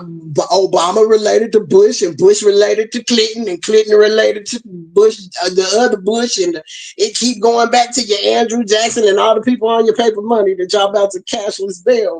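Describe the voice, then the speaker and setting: A woman's voice: medium pitch, a little mellow, low-quality recording. Fiery Southern-twanged woman preaching. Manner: fiery, emphatic, talks straight to listeners. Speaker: host. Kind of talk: impassioned preachy livestream talk.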